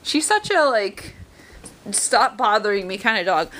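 A woman's voice: mid-range voice, big pitch swings, measured pace, sharp tone, slight background noise, rough recording. A young woman talking casually to her camera, rambling with lots of fillers. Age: young adult. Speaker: vlogger. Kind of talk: casual vlog chat.

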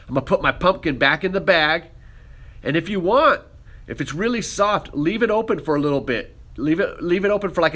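A man teaching a ceramics class, talking casually while he demonstrates with his hands. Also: on the high side. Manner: relaxed, talks while working with hands.

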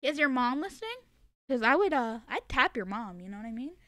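A woman streamer chatting casually with her viewers, loud and excitable, often breaking into laughter. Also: on the high side, fairly quick, no echo, studio quality. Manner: giggly, bursts into frequent laughter.

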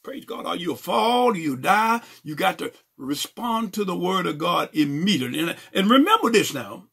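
A man's voice: sits high, very animated, moderate pace, gravelly, bright, forceful tone, breathy edge. A male pastor preaching a sermon, peppering his lines with "praise God" and questions to the congregation.

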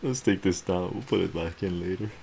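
A man hosting a relaxed ASMR comic reading, laid-back and chuckling often. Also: low voice, brisk, vocal fry, slight background noise. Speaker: channel host reading comics.

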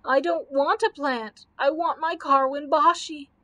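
A woman's voice: sits high, fairly even intonation, unhurried, bright, forceful tone, pitched above the performer's own voice. A woman voicing a timid, tearful male camel in a storybook, wailing and sobbing.

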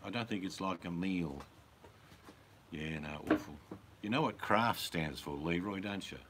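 Blunt, deep-voiced man joking. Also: unhurried, very noisy. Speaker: host. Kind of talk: casual live-stream chat.

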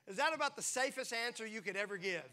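A man preaching a sermon to a congregation, playful and animated, acting out quick little voices as he talks. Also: very high-pitched. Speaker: pastor. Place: church.

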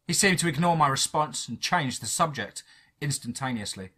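A man narrating a first-person horror story in a dramatic, measured way. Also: mid-range voice, animated, pushed and bright, breathy edge.

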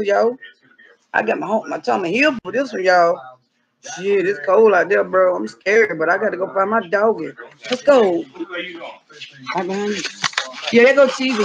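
A woman vlogging outdoors, excitable and dramatic, often shouting, in a dull lo-fi recording. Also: mid-range voice. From North Carolina, US. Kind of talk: casual vlog. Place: outdoors in cold weather. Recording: dull lo-fi sound.

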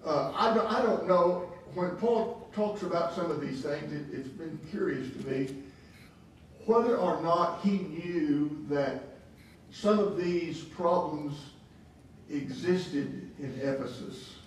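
A man's voice: a little high, takes it slowly. Man teaching a Bible class, echoey and distant. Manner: questioning, repeats words and restarts. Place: church classroom. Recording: echoey room from far off, faint hiss.

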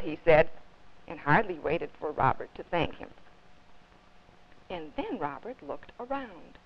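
A woman children's librarian reading a picture book aloud with expressive storytelling, on dull lo-fi 1950s TV audio. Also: low voice, unhurried, gravelly, long pauses.

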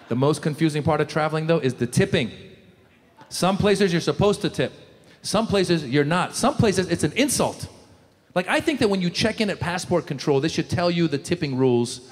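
A male stand-up comic with a fairly high voice, animated and jokey as he banters with the crowd and acts out little scenes. His stage mic rings out through a large echoey theater with a faint murmur of the audience behind. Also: normal speed, slight background noise. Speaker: stand-up comedian. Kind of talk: stand-up comedy routine.

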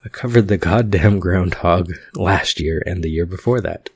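A man's voice: low-pitched, moderate pace, a little mellow, husky, dry recording, clean studio sound. A man reading aloud the lines of a smug, cynical TV weatherman in his thirties. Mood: sardonic.

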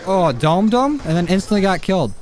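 Excitable male gamer with a lively voice. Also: high-pitched, brisk. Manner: excitable, self-mocking, laughs at his own misses. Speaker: gaming YouTuber. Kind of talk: gameplay commentary. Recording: game music and gunfire behind.

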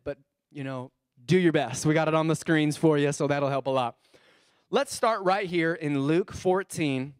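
A young man pastor preaching a sermon, animated and joking, acting out little voices, on a close mic. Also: fairly high pitch, no room sound.

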